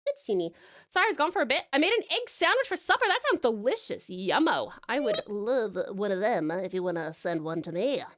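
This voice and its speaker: A woman's voice: medium pitch, big pitch swings, fairly quick, a bit bright. An Australian woman from Tasmania chatting casually on a live stream, swearing freely and greeting viewers with pet names.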